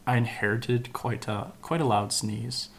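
A woman's voice: rumbling low, steady tone, a little slow, slight background noise. A woman co-hosting a casual podcast, musing and speculating aloud. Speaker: podcast co-host.

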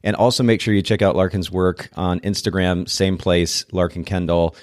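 A man's voice: low voice, steady tone, normal speed, a little mellow, dry recording, studio quality. A man hosting a podcast interview, talking in an effusive, casual way with frequent restarts. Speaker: podcast host.

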